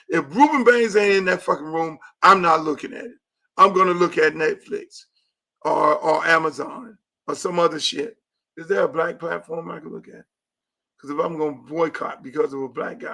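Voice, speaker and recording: A man hosting a show, ranting about football with loud, profane, emphatic repetition. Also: a little high, creaky. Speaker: talk show host; high school football coach. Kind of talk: profane sports rant.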